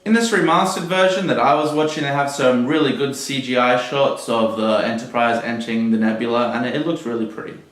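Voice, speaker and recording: A man's voice: mid-range voice, brisk, hardly any pauses, a bit bright, slight background noise. Blunt, swearing man in an echoey room. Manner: swears freely, blunt and jokey. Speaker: podcast host reviewing an episode. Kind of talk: casual commentary. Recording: roomy echo.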